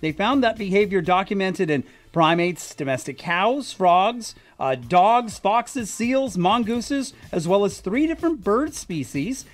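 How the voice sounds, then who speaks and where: Upbeat high-voiced male radio co-host. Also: expressive, a little slow, few pauses, faint music behind. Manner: enthusiastic, playful quips. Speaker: radio morning show co-host. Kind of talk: casual radio banter. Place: radio studio.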